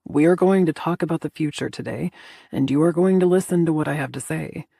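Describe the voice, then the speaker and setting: A woman voicing a commanding alpha man who speaks low, firm and insistent. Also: a little fast, creaky, mellow, slightly rough, no echo, clean studio sound, heavily acted. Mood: stern.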